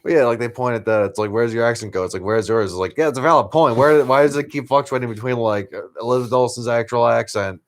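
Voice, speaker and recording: A man's voice: mid-range voice, fast, few pauses, slight background noise. A man co-hosting a podcast, chatting in a laid-back way with dry jokes. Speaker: podcast co-host. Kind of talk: casual chat.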